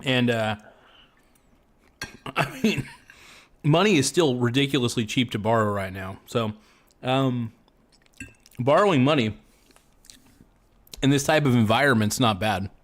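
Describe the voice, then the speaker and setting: A man's voice: mid-range voice, animated, unhurried, pauses often. A young man hosting a casual livestream and chatting in a rambling, joking way, full of fillers. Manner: rambling, laid-back, joking, many fillers. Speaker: show host.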